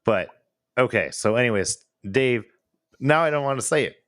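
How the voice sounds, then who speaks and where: A man's voice: medium pitch, expressive, normal speed, fairly bright tone, no room sound, studio quality. A man with a Chicago accent, co-hosting a podcast in casual chat, rambling and searching for words. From Illinois–Wisconsin border, US. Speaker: podcast co-host.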